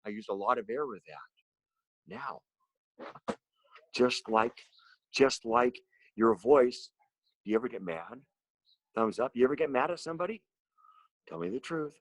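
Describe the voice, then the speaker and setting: Guy teacher doing a lesson for kids at home, slow easy explaining, lots of questions, bouncy pitch. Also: no room sound. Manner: slow, simple explanations with lively questions to children. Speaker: special education music teacher.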